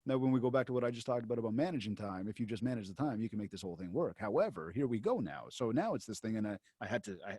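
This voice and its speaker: A lively male speaker whose pitch swoops up and down as he tells a story. He talks to a room of agents in a loose, chatty way, full of "right?" and restarts. The sound is dry and close, with no room echo. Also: racing, hardly any pauses, breathy edge. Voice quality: animated storyteller who acts out both sides of conversations. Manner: conversational, with many fillers and restarts; addresses the audience directly. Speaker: motivational speaker to real estate agents. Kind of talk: storytelling seminar talk.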